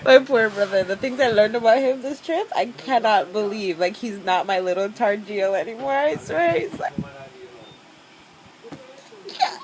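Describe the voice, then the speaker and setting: A young woman vlogging casually at night, giggly and excitable, talking in bursts into a handheld camera. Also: medium pitch, unhurried, long pauses, rough recording. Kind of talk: casual vlog chat. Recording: music playing in background.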